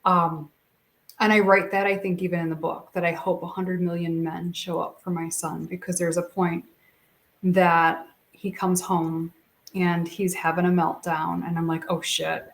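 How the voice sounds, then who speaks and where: A woman's voice: fairly low pitch, unhurried. A middle-aged woman guest telling personal stories with feeling, acting out what people said. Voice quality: expressive, animated storyteller who acts out quotes. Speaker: guest, speaker and coach. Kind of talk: emotional personal storytelling.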